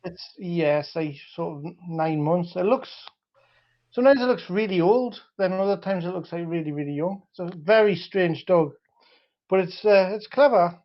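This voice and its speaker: A man's voice: high voice, normal speed, highs cut off. A man with a Northeast English accent, a guest chatting casually on a livestream with rambling, hesitant speech. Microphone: wireless mic.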